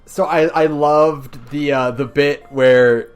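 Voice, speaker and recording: A woman co-hosts a relaxed podcast in a low voice. She talks slowly and hesitantly. She laughs a lot along the way. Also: clean tone, soft background music. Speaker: podcast co-host. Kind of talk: casual podcast chat.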